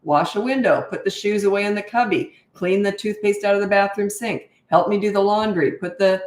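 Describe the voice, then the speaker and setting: A blunt, emphatic middle-aged woman coaching parents on a live stream. Her voice sits at an ordinary middle pitch and carries a noticeable echo from the room around her. She hammers points home by repeating words. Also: fairly quick, darkish tone.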